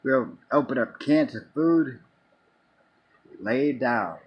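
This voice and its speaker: A man's voice: medium pitch, expressive, slow pace, slightly rough, dull audio. A man casually telling a long personal story in a rambling way, restarting and repeating words as he goes. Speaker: vlogger.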